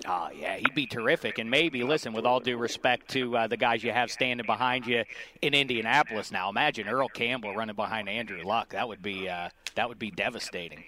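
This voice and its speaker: A man's voice: mid-range voice, brisk, pushed and bright, a little hiss or hum. A male host chatting casually and joking with a guest, rambling with fillers. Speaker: radio show host interviewing an athlete. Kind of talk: casual interview chat.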